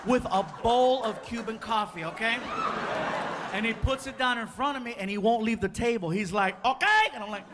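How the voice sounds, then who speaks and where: A man telling an animated stand-up comedy story on stage, acting out the people in it. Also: high voice, normal speed. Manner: animated storytelling, acts out voices. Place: stage before a live audience. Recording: live show with audience noise.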